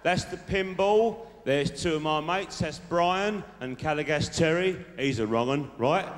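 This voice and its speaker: A man's voice: a little high, measured pace, lightly acted. A man doing a cocky South London lad. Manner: boastful, chummy, tag questions. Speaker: stand-up comedian in character. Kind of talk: live stand-up character monologue. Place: large theatre stage with audience. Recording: live hall reverb, faint noise.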